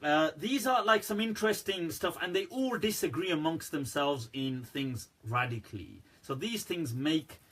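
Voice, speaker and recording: A man with a bright, slightly husky voice gives a loose, joking livestream Q&A and laughs often. He talks straight to his viewers and keeps saying "right" and "people" between his points. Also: fairly high pitch, expressive, moderate pace, hardly any pauses. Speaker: Islamic scholar answering questions. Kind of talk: casual livestream Q&A talk.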